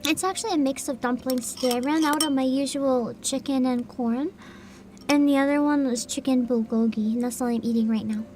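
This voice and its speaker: A woman livestreamer chatting casually with her viewers while she eats, laughing often and describing herself as loud. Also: high-pitched, steady tone, a little fast, soft background music. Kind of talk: casual chat while eating.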